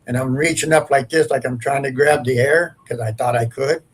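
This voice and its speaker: A man's voice: medium pitch, fairly even intonation, moderate pace, husky, poor audio. A man, a paranormal investigator, telling a long ghost story in a rambling, earnest, casual way.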